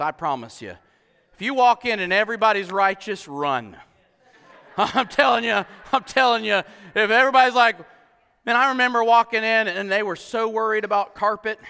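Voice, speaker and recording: A male pastor preaching an animated sermon, acting out voices and laughing often. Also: sits high, clean tone, long reverb tail.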